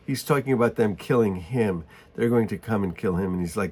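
A man reads a Bible passage aloud and explains it in casual asides. He clears his throat often. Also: on the low side, fairly even intonation, brisk, a little mellow. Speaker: Bible teacher. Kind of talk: Bible reading with commentary.

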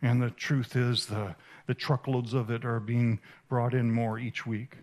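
A man giving a sermon at a conference, telling an emotional story with halting, repeated starts. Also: medium pitch, level tone, darkish tone. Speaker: conference speaker. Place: conference stage.

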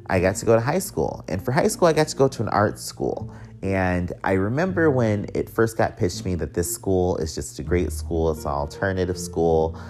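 A young man telling a personal story in a candid, profane way, with wry joking asides. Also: low-pitched.

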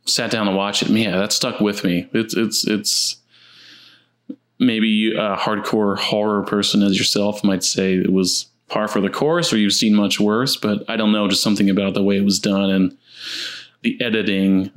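A man in a casual movie chat, halting and repeating words as he searches for what to say. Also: lowish voice, level tone.

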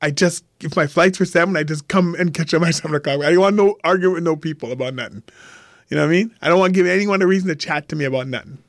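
A man's voice: fairly high pitch, rapid-fire, no room sound, studio quality. A man telling a story as a podcast guest, acting out the other people's lines as he goes. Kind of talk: animated storytelling. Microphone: remote call.

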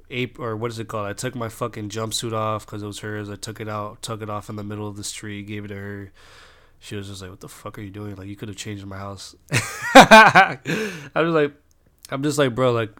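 A young man from Southern California tells a story as a casual, profane rant, peppered with filler words. His voice is smooth and clear at a middling male pitch, animated and swearing freely.

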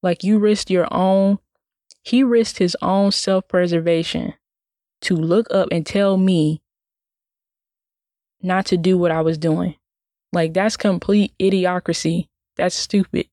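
A woman's voice: on the low side, steady tone, takes it slowly, long pauses, mellow, no echo, clean studio sound. A woman in a casual personal monologue, talking indignantly in a rambling way with lots of "like" fillers and restarts. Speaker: vlogger.

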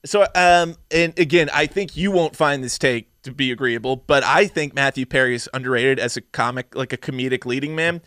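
A man co-hosting a casual movie review chat, opinionated and swearing freely, acting out characters in quick bits. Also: mid-range voice, fairly bright tone, smooth, no room sound, clean studio sound. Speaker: podcast co-host.

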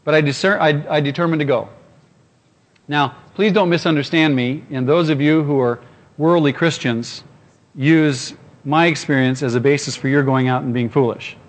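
A man's voice: fairly high pitch, normal speed. A man preaching to a congregation, telling a personal story with humor and speaking straight to his listeners. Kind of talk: storytelling sermon.

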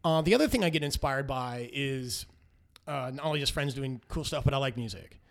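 A man talking casually as a brewer guest, rambling and animated as he tells stories. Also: medium pitch, vocal fry. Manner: rambling and animated, quick laughs. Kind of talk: casual interview chat.

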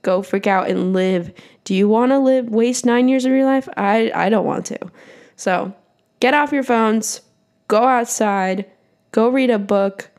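A young woman hosts her own podcast alone, talking straight to her listeners. Her voice sits a little high for a woman. She keeps things loose and encouraging, with plenty of "like" and the odd swear word. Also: measured pace, a little mellow, smooth. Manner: casual and encouraging, peppered with "like" and mild swearing. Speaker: podcast host. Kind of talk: solo podcast monologue.

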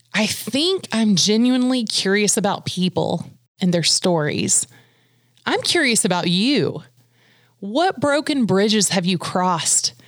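Calm woman hosting a reflective podcast. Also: medium pitch, dry recording, clean studio sound. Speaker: podcast host. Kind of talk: reflective scripted podcast monologue.

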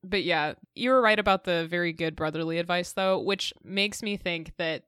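A woman's voice: fairly low pitch, normal speed, smooth, no echo, clean studio sound. A woman co-hosting a podcast, chatting casually and thinking aloud about an episode. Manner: relaxed, musing, with fillers. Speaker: podcast co-host. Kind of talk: casual chat.

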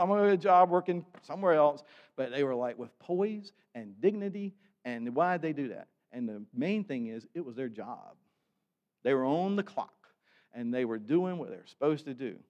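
A man's voice: a little high, lively intonation, brisk. A male pastor, preaching a sermon in a folksy storytelling way and acting out the people in his stories.

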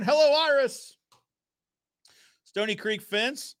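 A man's voice: a little high, big pitch swings, moderate pace, fairly bright tone, no room sound, clean studio sound. A man hosting a podcast in casual live-stream chat, upbeat, greeting viewers and reading their comments aloud. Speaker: podcast host.

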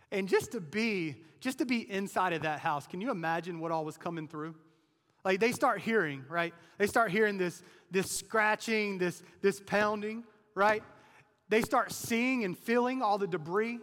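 A male pastor preaching in a high-pitched voice. He delivers the sermon conversationally and keeps checking in with the listeners. The voice rings out with the long reverb of a large church hall. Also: a bit bright. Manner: conversational preaching, frequent "like" and "right?".

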